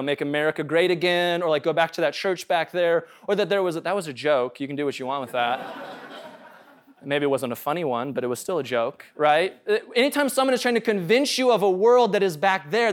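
High-pitched and quick, this male pastor delivers a relaxed, chatty sermon. He cracks jokes and frequently asks "right?" to check in with his listeners.

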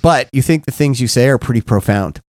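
A middle-aged man co-hosting a podcast, telling candid, profane stories in a casual, animated way. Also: mid-range voice, fairly quick, no echo, studio quality. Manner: blunt, profane, animated, frequent "right?". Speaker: podcast co-host.

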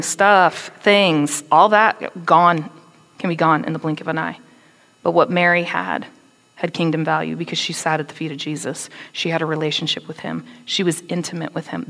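A woman giving a conversational, animated sermon, acting out quotes with attitude. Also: on the low side, gravelly, in a large hall. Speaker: preacher.

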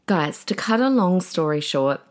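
A woman's voice: fairly low pitch, lively intonation, a little slow. A woman hosting a podcast on her own, chatting in a gushing way with lots of fillers and asides. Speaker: podcast host and preacher. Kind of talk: casual solo podcast chat.

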